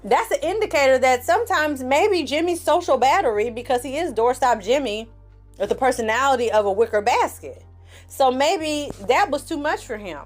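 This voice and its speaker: Sassy woman recapping a reality show. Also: fairly high pitch. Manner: sassy, animated, acts out quotes from the show; candid, addresses viewers as y'all. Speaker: TV recap reviewer. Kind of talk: casual commentary recap.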